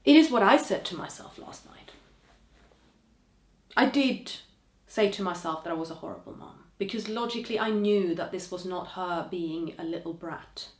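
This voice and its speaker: A woman hosting a podcast, speaking to listeners in a gentle, encouraging way with soft trailing endings. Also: lowish voice, moderate pace, roomy sound. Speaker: podcast host. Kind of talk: reflective podcast monologue.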